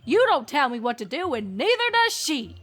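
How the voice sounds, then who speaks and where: A woman's voice: high-pitched, big pitch swings, normal speed, fairly bright tone. A woman voicing a young female farm pony who plays at being an outlaw, with a Southern drawl and a grumbling, boastful way of talking, in a fanfic audiobook reading. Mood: grumbling brag. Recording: faint music behind.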